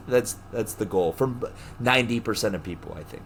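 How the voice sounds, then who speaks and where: A man's voice: fairly low pitch, normal speed, a little hiss or hum. Laughing young man telling gym stories. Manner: animated storyteller, laughs often, acts out quoted people. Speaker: podcast co-host. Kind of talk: casual chat.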